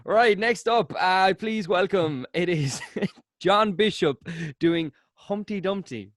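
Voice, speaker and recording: A man's voice: sits high, slow, fairly bright tone, no room sound, studio quality. A man hosting a podcast who chats eagerly and cheers his guest on. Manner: eager, encouraging. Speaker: podcast host. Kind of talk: casual podcast chat.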